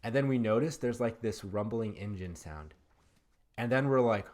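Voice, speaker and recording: A man's voice: on the low side, moderate pace. A man telling a funny personal story in a casual, rambling way, full of fillers, over game footage. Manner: rambling, filler-heavy, animated. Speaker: gaming YouTuber.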